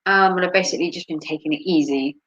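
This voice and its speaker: A woman chatting casually on a live stream, rambling and filling pauses with frequent ums. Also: on the low side, a bit bright, lo-fi sound. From United States.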